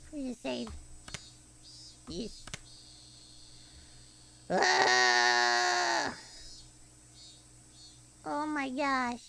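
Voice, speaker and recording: A woman's voice: very high-pitched, vocal fry, pushed and bright, slight background noise. A woman streamer chatting tiredly at the end of a long game stream, crude and jokey. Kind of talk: casual livestream chat.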